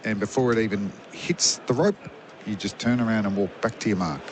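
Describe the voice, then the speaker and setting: A middle-aged man, a former fast bowler as expert radio commentator, telling rambling anecdotes. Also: on the low side, noisy background. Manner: chatty, rambling anecdotes with fillers.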